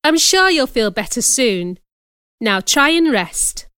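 A woman's voice: a little high, moderate pace, clean tone, no room sound, clean studio sound, close to an everyday voice. A woman voicing a kindly nursemaid who warns and comforts a child in a storybook reading. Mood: gentle. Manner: gently warning.

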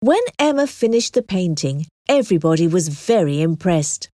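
Brief: female storybook narrator, clear measured delivery, animated intonation. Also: fairly low pitch, no room sound, clean studio sound.

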